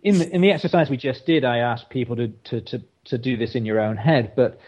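A man's voice: mid-range voice, brisk, a little mellow, low-quality recording. A man, a therapist, telling a case story in an interview, with many restarts and filler words. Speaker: therapist, podcast guest.

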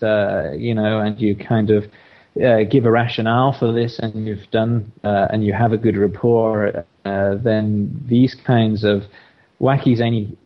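A man's voice: fairly low pitch, dull audio. A man, a therapist, telling a case story in an interview, with many restarts and filler words. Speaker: therapist, podcast guest.

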